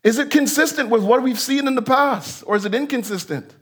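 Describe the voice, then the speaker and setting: Male pastor, high-pitched, conversational sermon delivery that slips into the voices of the people he quotes. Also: a little fast, a bit bright, slightly rough. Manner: conversational preaching that acts out the voices in the text.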